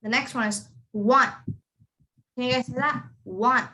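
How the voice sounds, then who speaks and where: A woman's voice: a little high, fairly even intonation, moderate pace, bright, forceful tone. A young woman teaching pronunciation to children over a video call, patiently explaining and repeating model words. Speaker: accent tutor. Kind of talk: online pronunciation lesson for kids.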